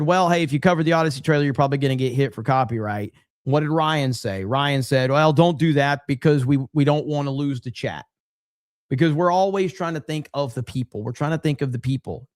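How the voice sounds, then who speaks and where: A man's voice: a little high, no room sound, studio quality. A man hosting a podcast, talking casually and animatedly as he reacts to a video clip. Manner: animated, chatty, laughs and interjects. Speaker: podcast host.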